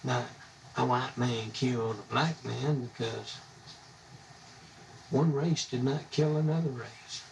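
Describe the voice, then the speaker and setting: A man's voice: mid-range voice, slow, vocal fry, pauses often, far from the mic, poor audio. A man from the United States, ranting bluntly and indignantly on a live stream, rambling from one grievance to the next. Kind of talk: angry live-stream rant. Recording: voice a bit off-mic, faint background hum.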